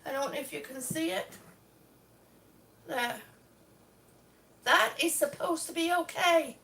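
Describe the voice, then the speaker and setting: A woman with a very high voice, on a live stream at home, looks over damaged tiles at an unhurried pace. Her tone is exasperated and sarcastic, and she swears now and then. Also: gravelly, bright, forceful tone. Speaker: vlogger. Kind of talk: live-stream product complaint. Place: home, indoors.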